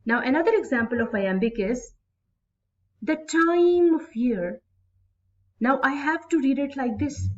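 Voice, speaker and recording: A woman's voice: sits high, muffled recording. A woman teaching English literature to students in a recorded lecture, addressing them directly and stressing syllables aloud. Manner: addresses students directly, repeats key points.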